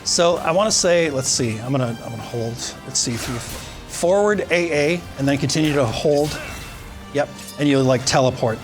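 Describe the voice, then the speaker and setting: A man giving casual commentary on a fighting game, explaining its mechanics in a relaxed, loose way and swearing now and then. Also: a little high, normal speed. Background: game music.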